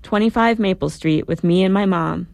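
A woman voicing a jealous, resentful teenage girl who answers in sharp, sulky, clipped words. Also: mid-range voice, normal speed, gravelly, dry recording, lightly acted.

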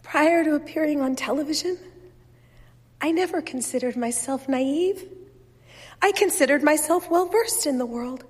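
A woman reading first-person literary fiction aloud in a measured, wistful, softly expressive way. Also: high-pitched, in a large hall. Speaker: reader.

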